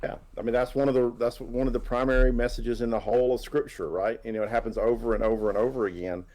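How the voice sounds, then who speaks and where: A man's voice: mid-range voice, fairly even intonation, fast talker, a little mellow, poor audio. A man talking as a guest in an interview, enthusiastic and tagging his points with a question. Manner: enthusiastic, tags points with "right?". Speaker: comic creator guest. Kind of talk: casual interview chat.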